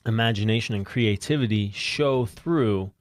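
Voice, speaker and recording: A man's voice: lowish voice, moderate pace, no room sound. A man co-hosting a casual faith talk show, teasing his partner and steering the talk with questions. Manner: keeps the talk on track, teasing, asks questions. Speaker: co-host.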